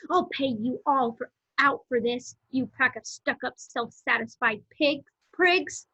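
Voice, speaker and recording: A woman's voice: high voice, unhurried, sharp tone, slightly rough, full character voice. A woman reading the part of a sulky, spiteful younger brother in a storybook read-aloud. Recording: dull lo-fi home recording.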